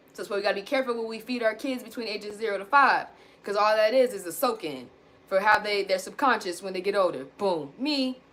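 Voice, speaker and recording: A woman in her thirties venting candidly to her viewers, blunt and animated, swearing casually and calling them y'all. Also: mid-range voice. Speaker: self-help vlogger.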